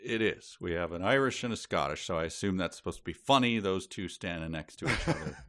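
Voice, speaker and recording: A man's voice: sits low, animated, quick pace, fairly bright tone, dry recording, clean studio sound. A man co-hosting a podcast, chatting casually and reading aloud with wry, amused asides. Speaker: podcast co-host.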